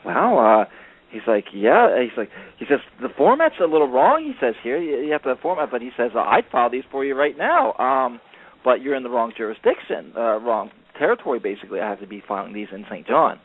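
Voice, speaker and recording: A man's voice: mid-range voice, very animated, fairly quick, breathy edge. Male guest, rambling storyteller with lots of fillers, heard over a tinny phone line. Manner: rambling storyteller, many fillers, acts out quoted voices. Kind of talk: casual chat.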